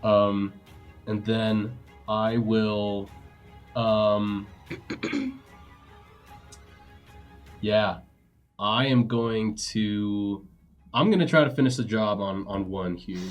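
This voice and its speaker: A man taking his turn in a tabletop role-playing game. His talk is slow and unhurried but swoops lively up and down in pitch, and he laughs easily. Faint music sits underneath. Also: dull audio. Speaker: player.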